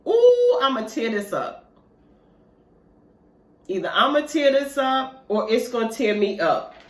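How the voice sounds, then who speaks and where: A woman's voice: fairly high pitch, animated, measured pace, a bit bright. Chatty woman in a roomy space. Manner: chatty, talks straight to viewers with "y'all". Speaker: mukbang vlogger. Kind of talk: casual eating vlog chat. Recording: roomy echo.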